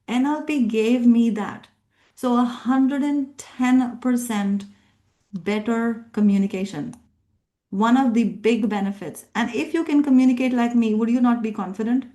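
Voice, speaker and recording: A middle-aged woman teaches a live workshop group in a slightly high voice. She is emphatic and repetitive, hammering points home. She keeps drawing the room in with quick questions. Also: mellow. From immigrant living in Australia. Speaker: NLP coach and workshop trainer.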